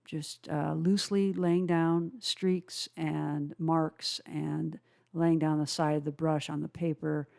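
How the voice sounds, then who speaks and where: Low, mellow-voiced woman teaching painting. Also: little pitch movement, vocal fry. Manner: unhurried, explains each step, frequent "uh" pauses. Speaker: watercolor instructor. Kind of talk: calm painting tutorial narration.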